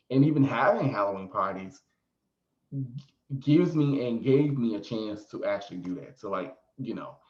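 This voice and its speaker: An animated man tells a story in a vlog, his pitch swinging lively up and down, and he laughs often and throws in asides. The recording is roomy and echoey, with a slightly dull, muffled tone. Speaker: psychic reader and video host.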